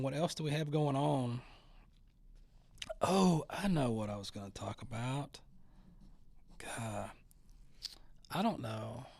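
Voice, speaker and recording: In a casual opinion monologue, a middle-aged talk show host with a medium-pitched, somewhat dark voice rants sarcastically, mocking and imitating the people he describes. There's no echo on the recording.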